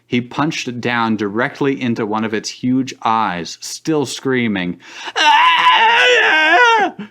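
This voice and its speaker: A man's voice: on the low side, fairly bright tone. A man reading fan fiction aloud for laughs on a live stream, often breaking into chuckles.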